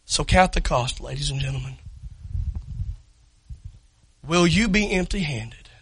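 A man preaching a sermon, impassioned, shouting and near tears at the peaks. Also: fairly high pitch, expressive, unhurried, breathy edge, poor audio. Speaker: pastor.

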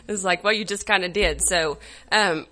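A woman's voice: medium pitch, bright, forceful tone. Lady leading a church devotional, tearful, lots of ums. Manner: halting, with many fillers and apologies. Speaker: women's church group leader.

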